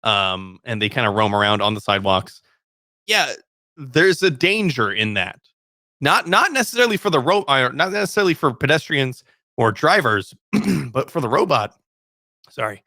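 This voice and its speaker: A young man with a bright, forceful voice cohosts a casual show, cracking jokes and laughing as he goes. He tends to trip over his words. The sound is close and dry. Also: medium pitch, very animated, moderate pace, no room sound. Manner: joking, laughs often, stumbles over words. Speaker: co-host. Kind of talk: casual chat.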